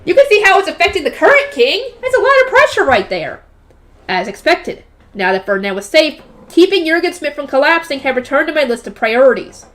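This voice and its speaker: A young woman reading a novel aloud and breaking off into chatty, loud reactions and questions to her audience. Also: high voice, very animated, fairly quick. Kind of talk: book reading with casual commentary.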